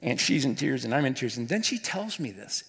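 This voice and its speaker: A man's voice: medium pitch, very animated, a little fast, vocal fry, fairly bright tone, slightly rough. A man, a pastor, telling a personal story during a sermon in an earnest, heartfelt way. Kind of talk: sermon testimony. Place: church auditorium. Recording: long hall reverb.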